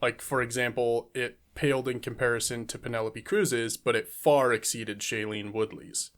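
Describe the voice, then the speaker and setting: A man co-hosting a casual movie review podcast, relaxed and enthusiastic, laughing often. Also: mid-range voice, moderate pace. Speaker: podcast co-host.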